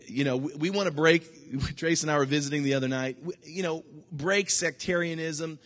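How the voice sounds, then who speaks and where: A pastor preaching to his congregation, his voice sitting a touch high for a man. He jumps into loud, high bursts, then drops to near-whispered asides. The sound carries a long reverb from the church hall. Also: normal speed. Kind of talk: sermon.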